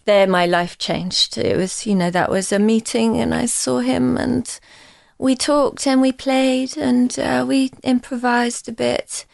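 A woman, a musician guest in a casual interview, telling her story in a rambling, halting way with many restarts. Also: a little high, steady tone, gravelly, darkish tone, dry recording.

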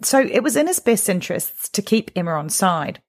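A woman's voice: medium pitch, very animated, moderate pace. A woman hosting a documentary podcast, narrating a scripted story in a conversational, guiding way.

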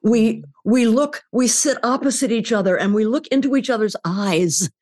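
A woman's voice: a little high, normal speed, darkish tone. An older woman speaking as a podcast guest, reflective and emphatic in her talk. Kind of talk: podcast conversation.

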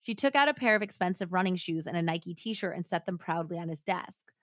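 A woman's voice: on the low side, animated, brisk, dry recording, clean studio sound. A woman hosting a podcast, telling a true-crime story casually with many fillers and laughs. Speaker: podcast host.

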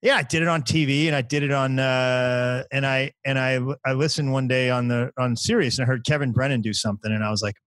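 An animated male comedian chatting on a podcast, telling stories with lively swings in his voice. He stumbles and repeats words and often slips into bouncy impressions. The sound is dry and close to the mic. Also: mid-range voice, quick pace, hardly any pauses, no room sound. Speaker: stand-up comedian, podcast guest. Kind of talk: casual conversation, storytelling.

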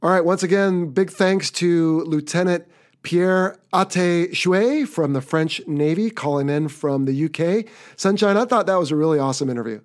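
An American man hosts a podcast in an easy, chatty manner. His voice sits a little high for a man and carries an upbeat, rambling energy. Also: normal speed. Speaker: podcast host. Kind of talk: casual podcast talk.

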